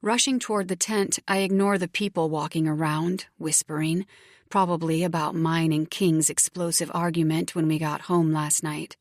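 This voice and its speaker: A woman giving steady, intimate first-person narration of a romance audiobook. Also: deep voice, normal speed, dry recording, clean studio sound.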